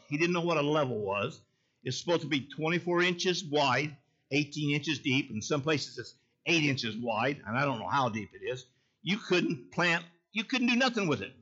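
A preacher tells a story from the pulpit in a folksy way, checking in with his listeners as he goes. His voice is bright and tense and sits a little high for a man. The recording is muffled and lo-fi. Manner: folksy, calls out to the congregation. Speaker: pastor. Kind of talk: sermon with storytelling.

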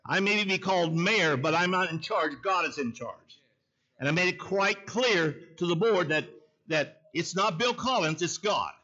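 Bright-voiced preacher. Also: male voice, sits high, lo-fi sound. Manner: folksy, calls out to the congregation. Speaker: pastor. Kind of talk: sermon with storytelling.

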